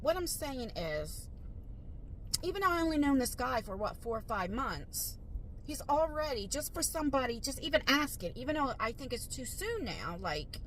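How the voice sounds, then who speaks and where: A woman's voice: on the high side, a bit bright, slight background noise, poor audio. A middle-aged woman chatting casually to her phone camera in a rambling, confiding vlog style, full of fillers. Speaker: vlogger. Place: car, then store aisles.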